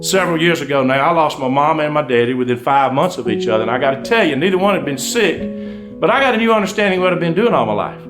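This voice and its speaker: A man's voice: on the high side, expressive, fast talker, music in the background. A middle-aged man with a Southern US accent, a country undertaker telling folksy comic stories to a live audience. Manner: folksy, drawling, breaks into laughs at punchlines. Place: stage before a live audience.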